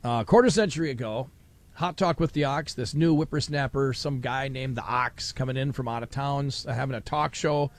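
A man's voice: medium pitch, moderate pace. A middle-aged man hosting a live radio talk show at a fair, telling stories and acting out other people's voices. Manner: animated storyteller, acts out voices. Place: outdoor fair broadcast booth.

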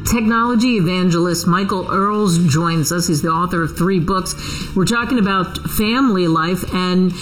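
A woman's voice: on the low side, moderate pace, soft background music, low-quality recording. A woman hosting a radio interview, introducing her guest and prompting him with brief questions. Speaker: radio host.

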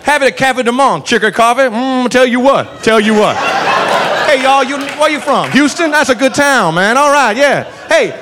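A comic putting on a big, unflappable Southern cop with a Southern US accent, folksy and booming. He talks high and bounces all over the place, friendly and loud, with a faint hum of ambience behind him. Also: expressive, normal speed, crowd noise. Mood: cheerful. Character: jaunty huge Southern male cop, cheerful and unflappable.

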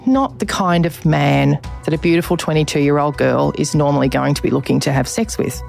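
A woman's voice: sits low, brisk, gravelly, darkish tone, faint music behind. A woman interviewer asking direct, probing questions, with blunt asides.

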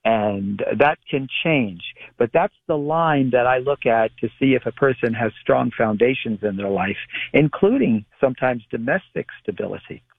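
A man who is a guest on a call-in radio show explains palmistry in a measured way, often restarting his phrases. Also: mid-range voice, animated, vocal fry, breathy edge, no echo. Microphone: telephone. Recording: tinny phone line, dry.

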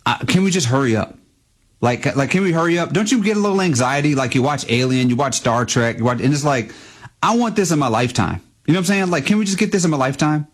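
A man's voice: a little high, lively intonation, fast talker. A man co-hosting a radio talk show, rambling with lots of restarts and "like"s. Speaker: radio co-host.

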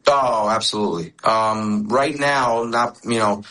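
A man's voice: on the low side, a little slow, sharp tone, poor audio. A man in his forties, raised in the United States, talking as a radio interview guest and telling candid stories with many restarts. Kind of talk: casual interview chat.

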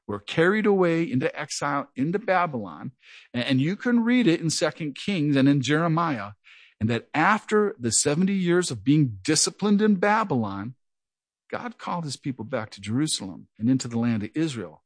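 A man's voice: fairly high pitch, big pitch swings, moderate pace, no echo. A middle-aged man preaching an earnest verse-by-verse Bible teaching, with a slight stutter. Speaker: pastor. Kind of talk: sermon.

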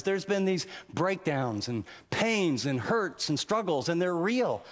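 Male preacher, high voice, long hall reverb, animated, acts out voices. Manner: animated, acts out inner voices, shifts between high emphatic and low earnest. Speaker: pastor. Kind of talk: radio sermon.

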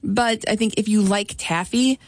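A woman co-hosts a radio morning show with a teasing, playful manner, filling her talk with relaxed "ums." Her voice sits at a middle pitch. The studio recording is dry and close. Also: normal speed, no echo. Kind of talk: casual radio chat.

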